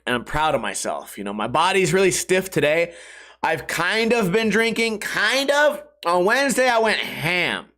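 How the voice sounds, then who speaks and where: Male podcast host, middle-aged, slightly high voice; loose, profane, jokey solo storytelling with voiced-out quotes. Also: big pitch swings, moderate pace, sharp tone. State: hungover and stiff.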